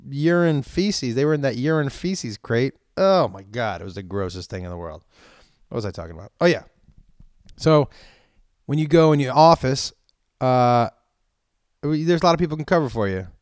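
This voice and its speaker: A man's voice: mid-range voice, moderate pace, clear, resonant tone, no echo. Profane man ranting in a dry room. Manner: profane, animated storytelling rants. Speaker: comedian. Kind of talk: casual chat.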